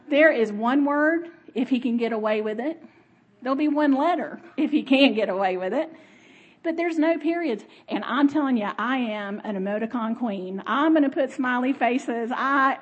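A middle-aged woman giving a conversational sermon, expressive, laughing often and talking with the audience. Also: on the high side, slightly rough. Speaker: speaker.

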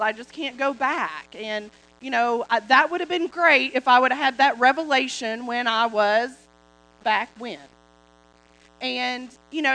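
A woman speaking at church in a chatty, relaxed way with many fillers, reflecting on scripture. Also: high voice, poor audio. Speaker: co-pastor, preacher's wife. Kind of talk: casual sermon talk.

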